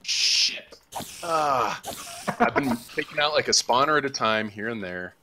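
A man's voice: mid-range voice, expressive, measured pace, noisy background. A man in casual voice chat, rambling and commenting on his own play while gaming with friends. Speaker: gamer.

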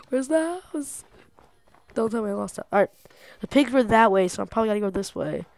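A young woman giving casual gameplay commentary, excitable and talking to herself, swearing and laughing often. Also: mid-range voice, fast, vocal fry, no echo. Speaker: gamer.

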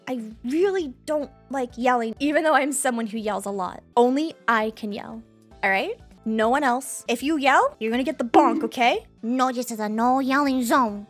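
A woman VTuber giving a playful self-introduction, giggly and teasing with exaggerated yelps and squeals. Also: sits high.

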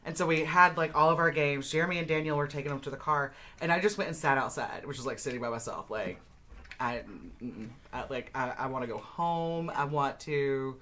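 Low-voiced bright rambling woman. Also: a little fast. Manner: rambling, many "like" fillers, laughs often. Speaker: co-host of a board game stream. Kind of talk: casual chat on a live stream.

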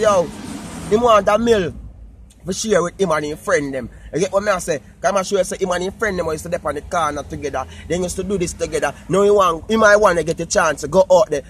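Jamaican man, high voice, patois vlog rant with faint room hum behind. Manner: animated Jamaican patois talk, repetitive. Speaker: vlogger. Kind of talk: casual talk to camera.

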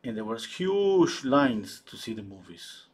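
Husky man chatting while painting. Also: medium pitch, very animated. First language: Spanish. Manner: halting, searches for English words, many restarts. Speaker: painter hosting a live stream. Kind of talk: casual chat while painting live.

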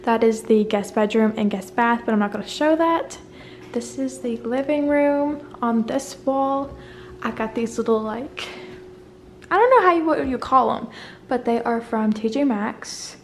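In a voice on the high side, with a slight hiss or hum in the recording, a young vlogger gives a bubbly phone-camera tour of her small apartment. She rambles chattily with asides and sounds a bit out of breath.

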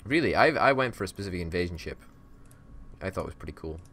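A man's voice: low voice, expressive, fast, a bit bright. A man hosting a gaming channel, chatting casually and wryly as he plays, often laughing and grumbling. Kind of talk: casual gameplay chat.

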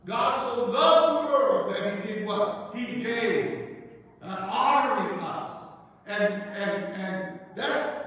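A man's voice: extremely high pitch, lively intonation, takes it slowly, a bit bright. A man preaching as bishop at a Bible study, often asking "Amen?" and repeating his words as he goes. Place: church hall. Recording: echoey church hall, distant mic.

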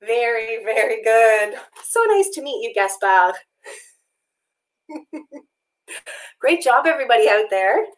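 A woman's voice: fairly high pitch, expressive, moderate pace, few pauses. A woman co-hosting a children's music livestream from home, cheerful and encouraging, singing and giving movement cues. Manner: bright, encouraging, sings along.

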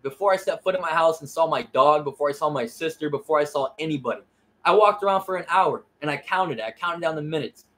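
A man's voice: on the high side, fast, a bit bright. Emotional young man telling a story. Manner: emotional, profane, repeats "I said" and "you know what I mean". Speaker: vlogger. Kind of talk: casual personal storytelling.

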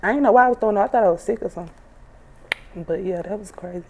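A twenty-five-year-old rapper chats casually and bluntly in an interview, swearing freely and laughing through her stories. Her mid-range voice has a darkish tone and moves very fast.

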